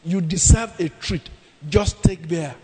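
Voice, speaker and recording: A man's voice: high voice, slow pace, dark tone, slightly rough, full character voice. A preacher playing the human flesh as a bossy, dismissive older man who gives orders. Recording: long reverb of a hall.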